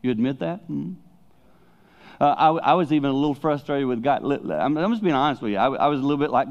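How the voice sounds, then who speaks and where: Middle-aged male preacher: candid, animated storyteller with excited high-pitched peaks, dull lo-fi church recording. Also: fast. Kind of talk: sermon.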